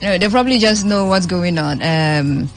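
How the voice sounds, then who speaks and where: A woman's voice: fairly low pitch, expressive, normal speed, slight background noise. A woman with a Nigerian accent hosting a radio show, chatting and reading the news, stressing words by repeating them. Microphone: studio microphone.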